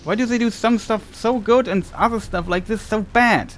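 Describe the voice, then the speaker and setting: A man's voice: sits high, moderate pace. Frustrated male let's-play commentator, stumbling rants, light hiss behind him. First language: German. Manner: ranting, exasperated, repeats words when upset.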